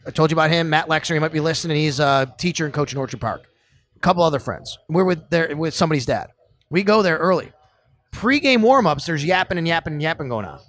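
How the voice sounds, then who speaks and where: A middle-aged man from Buffalo, telling old sports stories with growing excitement on a casual podcast. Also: fairly high pitch. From Buffalo area. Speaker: podcast guest. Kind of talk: casual storytelling chat.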